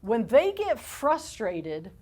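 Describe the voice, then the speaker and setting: A woman speaking to a workshop crowd, her voice sitting a bit high and her delivery unhurried. She talks with lively energy and laughs often, drawing listeners in as she explains. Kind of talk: live workshop talk.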